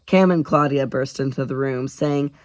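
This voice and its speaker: A man reading a novel aloud as an audiobook narrator, in an even storytelling way. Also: medium pitch, normal speed. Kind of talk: scripted narration.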